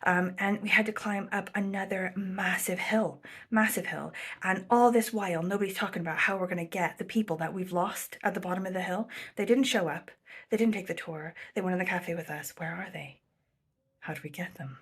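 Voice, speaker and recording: Chatty vlogger woman, kinda husky and lowish, lots of likes and ums, rambly story mode. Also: fairly quick. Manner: rambling, chatty, full of 'like' and 'um', slips into quoted voices; drops to a near whisper at times. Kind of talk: casual storytelling vlog.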